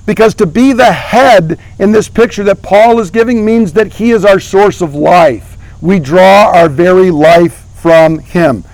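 A man's voice: sits high, a little mellow, no room sound, poor audio. A middle-aged man preaching a sermon as pastor, earnestly asking his congregation questions as he teaches.

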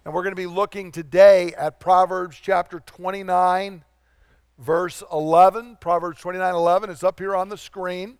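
A male pastor preaching a sermon in a conversational way, slowing down to stress key phrases. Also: high-pitched, flat delivery, clean tone, no room sound, studio quality.

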